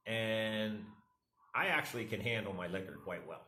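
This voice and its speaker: A man's voice: on the low side, animated, moderate pace, pushed and bright. A middle-aged man vlogging, telling a rambling, self-deprecating story and acting out the quotes. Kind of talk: casual storytelling. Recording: echoey room.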